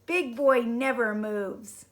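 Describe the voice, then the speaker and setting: A woman's voice: on the high side, slow. A woman voicing an impatient, commanding pair of scissors in a storybook reading, giving curt orders. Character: gruff male scissors, impatient leader.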